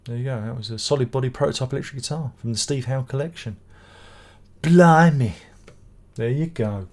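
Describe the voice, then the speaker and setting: With a mid-range voice and a darkish tone, a middle-aged man hosts a live stream. As channel host he reads viewer comments and answers them in rambling, exclamatory chatter full of swearing.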